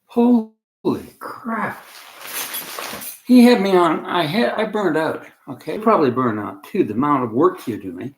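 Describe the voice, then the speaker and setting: A man rants to camera in a rambling, agitated way, often dropping a sentence halfway through. His voice swings widely in pitch. The room around him sounds bare and echoey. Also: sing-song, measured pace. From Canada.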